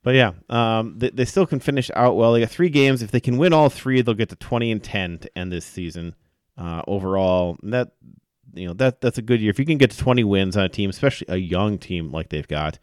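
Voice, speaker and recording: A man co-hosting a casual sports podcast, telling events in an animated way with many fillers. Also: on the low side, a little fast, smooth, dry recording, studio quality. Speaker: podcast co-host.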